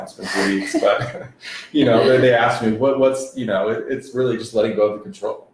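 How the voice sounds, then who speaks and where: A man's voice: on the low side, darkish tone. A man telling his story as an interview guest, laid-back and full of fillers. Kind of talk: conversational testimony. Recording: very echoey room with faint background noise.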